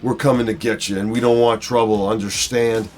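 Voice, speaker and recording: A man voicing a gruff male police officer shouting orders through a megaphone. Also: fairly low pitch, fairly even intonation, fairly quick, faint music behind, natural voice. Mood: commanding.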